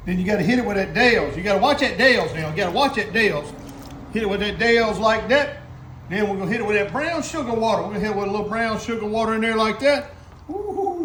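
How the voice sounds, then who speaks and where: Excitable Southern man cooking on camera. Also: sits high, reverberant, slight background noise. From Southern United States. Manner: folksy, excited exclamations, talks to the camera operator. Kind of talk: casual cooking demonstration.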